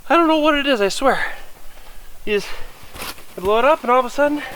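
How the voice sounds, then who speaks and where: A man's voice: extremely high pitch, expressive, fast talker, pauses often, noisy background. A man vlogging outdoors in the snowy winter woods, chatting easily to the camera and to his dog as he sets up camp, recorded on a camera mic. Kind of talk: casual narration to camera.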